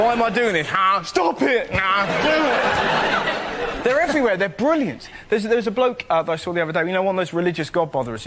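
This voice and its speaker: On a panel show taped in a TV studio, a high-voiced British male comedian spins stand-up stories, cheeky and animated, cracking himself up at his own jokes. Loud laughter and noise from the live studio audience fill the recording.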